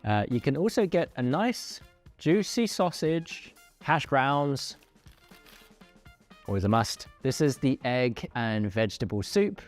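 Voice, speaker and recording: A man hosting a casual food review, playful and animated as he describes each dish. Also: medium pitch, slow pace, faint music behind. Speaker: food show host.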